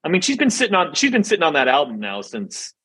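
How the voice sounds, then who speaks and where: A man co-hosts a casual podcast in bantering, joking chat. His pitch swings widely as he riffs, and his voice carries a slight husk. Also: huge pitch swings, fast talker, bright, forceful tone, breathy edge, low-quality recording. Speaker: podcast co-host.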